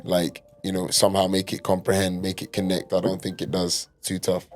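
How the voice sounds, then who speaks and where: A man's voice: low voice, completely flat delivery, brisk, faint music behind. A young man hosting a casual podcast chat, loose and joking with plenty of slang and swearing. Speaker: podcast host.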